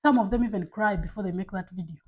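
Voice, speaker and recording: A woman's voice: mid-range voice, quick pace, slightly rough, dull audio. A woman vlogging to camera in a casual, candid way, giving emphatic advice from her own life. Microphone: camera mic.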